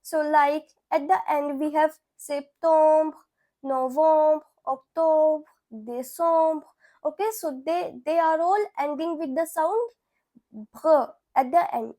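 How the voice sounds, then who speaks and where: A woman's voice: sits high, normal speed, few pauses, a little mellow. A young woman teaching a beginner French lesson, patient and repeating each word several times.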